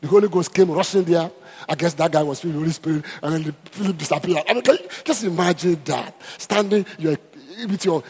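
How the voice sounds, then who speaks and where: A man's voice: fairly high pitch, fast talker, a little mellow, husky, big-room sound. A man preaching a sermon, emphatic and repetitive, calling out to the congregation. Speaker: pastor.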